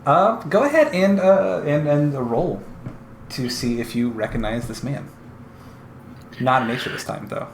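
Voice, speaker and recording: A man running a tabletop game as game master, narrating in a halting way with many fillers. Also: mid-range voice, echoey room, slight background noise.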